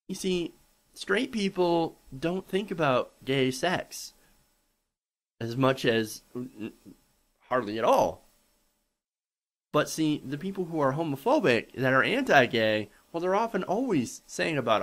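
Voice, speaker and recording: Indignant, lively-voiced male commentator. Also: mid-range voice, moderate pace. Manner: indignant, sarcastic, profane. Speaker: political commentator. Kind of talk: opinionated commentary monologue.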